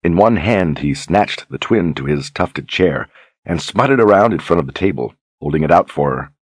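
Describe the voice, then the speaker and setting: A male audiobook narrator with a very deep, low voice and a husky grain, reading in a measured, even storytelling pace. The recording is close and dry, with no room echo at all. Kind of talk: scripted narration.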